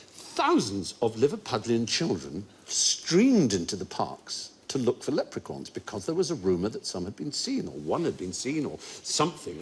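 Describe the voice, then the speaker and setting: Erudite older man hosting a quiz show. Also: a little high. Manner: erudite, storytelling, laughs often. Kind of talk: witty panel show hosting. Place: TV studio before a live audience. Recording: studio audience and faint noise.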